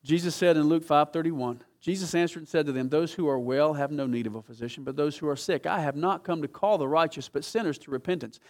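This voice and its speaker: A male pastor preaching a sermon in a church, swinging from quiet asides to loud, emphatic scripture reading. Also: a little high, fast, few pauses.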